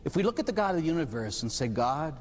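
Male Catholic priest, sermon, animated storytelling, rhetorical questions, reverberant hall. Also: fairly high pitch, very fast.

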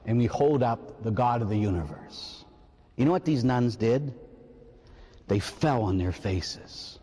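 A man, a priest, telling a story during a sermon in a lively, emphatic way. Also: mid-range voice, a little slow, breathy edge, in a large hall. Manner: animated storytelling, emphatic preaching. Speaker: Catholic priest.

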